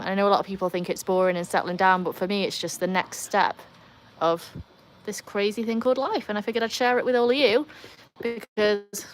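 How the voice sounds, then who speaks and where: A woman from the UK with a British accent, hosting a casual livestream at home, chatting upbeat and rambling while reading viewer comments aloud and talking to her dogs. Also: medium pitch. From United Kingdom. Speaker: livestream host.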